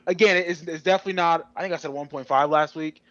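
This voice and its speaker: Man, podcast co-host, casual, rambling, restarts, fairly high voice, dry dull audio. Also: fast, dry recording. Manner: animated, rambling, many restarts.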